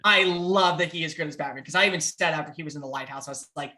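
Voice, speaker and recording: A young man chatting as a podcast guest over a video call, excitable and quick, with playful impressions and swearing. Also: on the high side. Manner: excitable, fast, with playful put-on voices and profanity. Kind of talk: casual chat.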